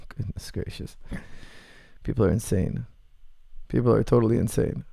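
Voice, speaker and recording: Male coach hosting a chat Q&A; gravelly voice, blunt and joking, dry close sound. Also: on the low side, steady tone, a little slow, warm tone, no room sound. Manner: blunt, joking, laughs often. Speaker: martial arts coach hosting a Q&A. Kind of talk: casual livestream Q&A, reading chat messages.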